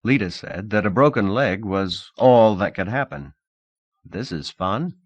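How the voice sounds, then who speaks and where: A man narrating a novel in a measured, expressive audiobook reading. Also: on the low side, dry recording.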